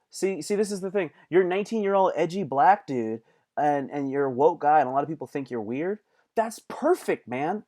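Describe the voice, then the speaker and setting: A man hosting a casual live stream as a comedian, talking to viewers by name in an animated, repetitive way, swearing freely. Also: fairly high pitch, brisk.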